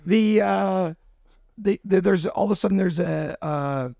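A man telling a long story in casual chat, animated and laughing, often restarting his sentences. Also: high-pitched, a little slow, creaky, dry recording, studio quality. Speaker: podcast guest, restaurant owner. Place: studio.

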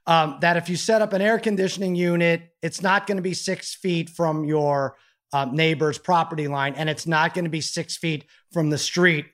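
Man co-host, middle-aged, self-mocking storyteller with a slightly high voice. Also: fairly even intonation, moderate pace, a bit bright. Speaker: podcast co-host. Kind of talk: casual chat.

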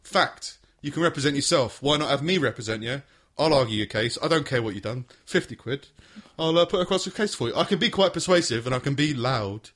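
A man playing a pushy cheap lawyer, making a loud, mock sales pitch. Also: lively intonation, fairly quick. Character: brash cut-price male lawyer pitching himself.

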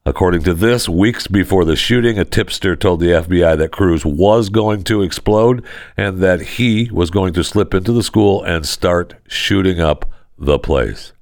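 A man's voice: deep voice, unhurried, a little mellow, no echo, studio quality. A man hosting a sarcastic news commentary show, talking with mocking, sardonic asides. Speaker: host.

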